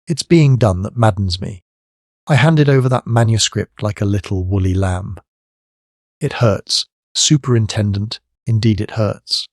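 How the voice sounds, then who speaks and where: A man voicing a quick-witted young English gentleman adventurer who talks in a lightly ironic, brisk way. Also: fairly low pitch, dry recording, studio quality, natural voice. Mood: wry.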